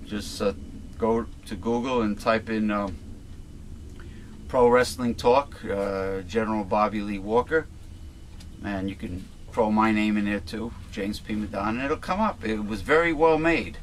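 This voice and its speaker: A man's voice: fairly low pitch, a little slow, a little hiss or hum. A man hosting a talk show, speaking in casual commentary that halts and restarts with repeated words.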